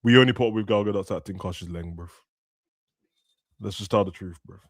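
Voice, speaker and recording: A young man, ranting and joking as a streamer during a football watch-along, now and then shouting. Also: fairly low pitch, expressive, brisk, dry recording, clean studio sound. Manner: ranting, slangy, bursts of shouting. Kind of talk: casual chat over a live match.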